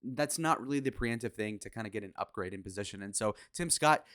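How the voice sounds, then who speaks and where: A man's voice: on the low side, animated, fast talker, a bit bright, dry recording, studio quality. A man giving casual political commentary in a crude, sarcastic, opinionated way, with swearing.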